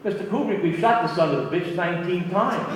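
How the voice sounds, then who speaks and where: A man putting on a furious, shouting veteran film star. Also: high voice, animated, brisk, slight background noise, pitched above the performer's own voice. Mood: exasperated. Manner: shouting, exasperated. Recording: echoey hall from far off.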